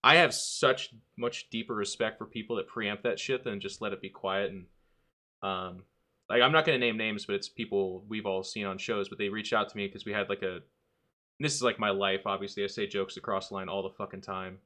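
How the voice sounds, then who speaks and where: A man's voice: fairly low pitch, fairly even intonation, fairly quick, pushed and bright. A man hosting a podcast in casual chat, candid and rambling, often acting out quoted dialogue. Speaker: podcast host.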